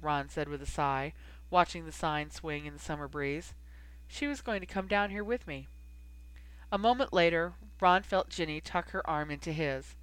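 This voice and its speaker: Woman audiobook reader, lowish voice, lively dialogue, dry booth sound. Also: moderate pace, smooth, no echo. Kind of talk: fan fiction audiobook narration.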